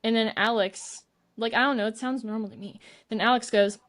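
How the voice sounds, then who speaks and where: A woman co-hosting a casual podcast, retelling stories in an animated way and swearing freely, recorded at home. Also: a little high, a little fast. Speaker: podcast co-host. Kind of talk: casual chat. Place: at home in an apartment.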